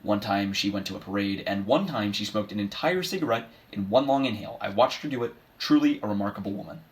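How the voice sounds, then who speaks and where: A washed-up middle-aged horse, as a man plays him, talks in a somewhat low voice with dry, bitter sarcasm. He is self-deprecating and keeps undercutting his own grief with jokes. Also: fast talker, a little hiss or hum, close to an everyday voice. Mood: sardonic. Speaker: son giving a eulogy. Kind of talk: comedic dramatic monologue.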